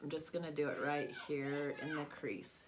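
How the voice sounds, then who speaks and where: Young woman rambling thru a makeup vlog at home, kinda low voice, lots of um and like. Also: little pitch movement, normal speed, noisy background. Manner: rambling and chatty, many fillers. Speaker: vlogger. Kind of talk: casual makeup vlog chat. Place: at home, away from her desk.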